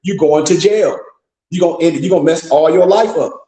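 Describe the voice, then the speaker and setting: A man with a high, brisk, mellow voice lectures a group like a teacher, in a blunt, scolding and profane preaching style packed with rhetorical questions. The sound bounces around an echoey room.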